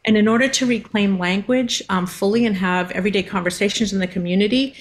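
A woman's voice: mid-range voice, quick pace. A woman from Massachusetts answering radio interview questions, hesitant with many ums and restarts. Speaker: guest, linguist.

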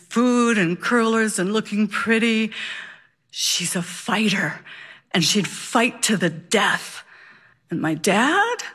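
A woman telling a personal story live, expressive and animated, building suspense. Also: mid-range voice.

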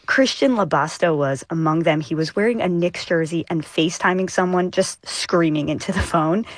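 A woman's voice: lowish voice, dry recording. A woman reporter describing street scenes she covered, speaking with a radio host in a live news interview.

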